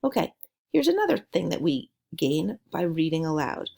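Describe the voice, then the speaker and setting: Slow-talking teacher woman, gravelly voice. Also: sits low, big pitch swings, mellow. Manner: slow, deliberate, encouraging teacher delivery. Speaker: writing teacher. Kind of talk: recorded classroom lesson.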